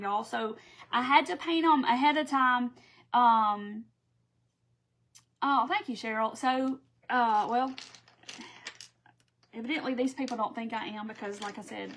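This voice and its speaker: A woman's voice: a little high, fairly bright tone. A middle-aged woman, chatting casually and rambling while she crafts on a live stream and thanks viewers. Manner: rambling, chatty, reads out viewer comments, often laughs.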